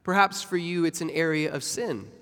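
A man's voice: a little high, moderate pace, a bit bright. A man preaching a sermon with emphatic delivery and rhetorical questions to the congregation. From United States. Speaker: pastor. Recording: long hall reverb.

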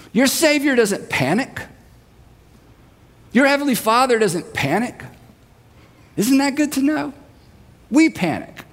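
A man's voice: sits high, in a large hall. A man preaching a sermon, telling the story vividly and acting out scenes with asides to the audience. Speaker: pastor.

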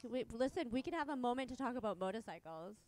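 Female co-host, smooth slightly high voice, playful teaser in a home chat. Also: animated, fast talker, darkish tone, no room sound. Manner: playful, teasing, giggly. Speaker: podcast co-host. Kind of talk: casual chat. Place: her home.

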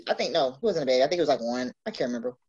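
A woman in casual podcast chat, telling a personal story with animated delivery and acting out the voices in it. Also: very deep voice, very fast, lo-fi sound. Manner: animated storyteller, acts out dialogue. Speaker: guest sharing a story.

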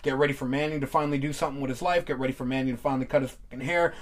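A man's voice: mid-range voice, steady tone. A man hosting a podcast, joking around and plugging friends with profane, hyped chatter. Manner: profane, joking, hyped, fast run-on plugs. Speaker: podcast host. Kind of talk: casual podcast banter.

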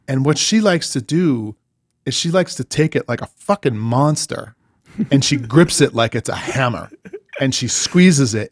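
Male podcast co-host, exasperated storyteller, profane, mid-pitched, dry studio sound. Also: no room sound. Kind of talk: casual chat.

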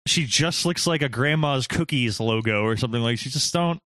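Man, podcast co-host, casual movie talk, animated, bright tone, dry close sound. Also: medium pitch, no room sound. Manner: animated, laughing, swearing, quick impressions.

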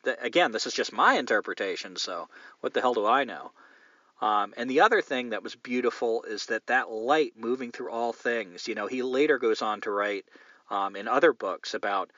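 A man's voice: mid-range voice, moderate pace, bright, forceful tone, dry recording, dull audio. A man hosting a podcast, reading listener mail and chatting in a candid, meandering, profane way. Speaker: podcast host.

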